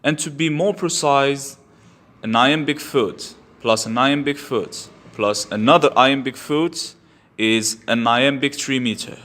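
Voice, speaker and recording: A man's voice: mid-range voice, a little slow, fairly bright tone. A man teaching a poetry lesson step by step, patiently explaining each stage and repeating key terms. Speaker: English literature teacher.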